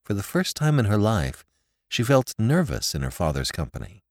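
A man narrating a classic story with an expressive, dramatic reading. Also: on the low side, normal speed, no echo, clean studio sound.

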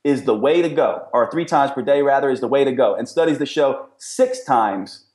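A man's voice: mid-range voice, normal speed, darkish tone, reverberant. A middle-aged man, a nutrition expert and podcast guest, explaining his views in an emphatic, explanatory way. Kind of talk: podcast interview.

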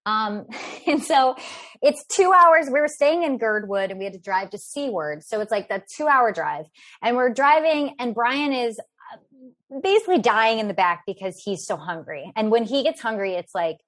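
A woman's voice: fairly high pitch, normal speed. Bubbly woman telling a story, laughing. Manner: animated, laughing often, many filler words. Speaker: guest storyteller. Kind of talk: casual anecdote in conversation.

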